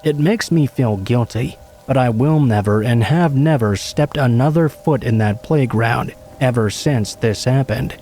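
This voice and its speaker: Male narrator for true horror reads, mellow and measured, slight background noise. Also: medium pitch. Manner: steady, measured storytelling. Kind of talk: scripted narration of true scary stories.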